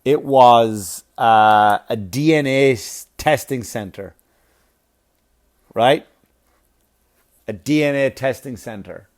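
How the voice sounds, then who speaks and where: A stand-up comedian telling a funny personal story in a profane, animated way, laughing at his own jokes. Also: mid-range voice, takes it slowly, long pauses. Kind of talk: comic storytelling.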